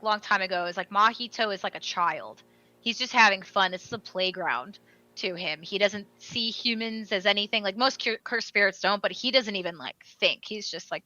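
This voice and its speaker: A young woman co-hosting a podcast, retelling a story in an animated way with lots of fillers. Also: mid-range voice, no echo, lo-fi sound. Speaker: podcast co-host. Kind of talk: casual chat.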